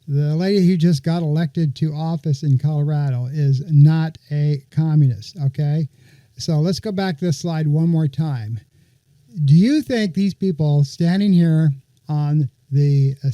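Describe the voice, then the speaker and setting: A man's voice: fairly high pitch, measured pace, mellow, no echo, muffled recording. A man hosting a political podcast, talking his listeners through a topic in a conversational, sarcastic way. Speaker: podcast host. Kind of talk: political commentary.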